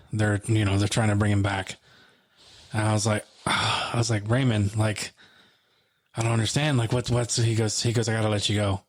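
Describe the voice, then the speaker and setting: Male podcast co-host, low and monotone, narrates a tense memory through quoted dialogue. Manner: retells events by acting out quoted phone dialogue. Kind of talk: emotional storytelling in casual conversation.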